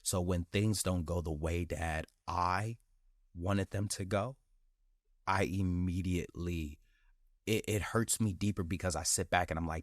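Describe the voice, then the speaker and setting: A man's voice: sits low, steady tone, unhurried, dry recording, studio quality. A man hosting his own podcast, talking candidly and with feeling in a casual, slangy way and repeating phrases for emphasis. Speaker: podcast host. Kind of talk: casual motivational monologue.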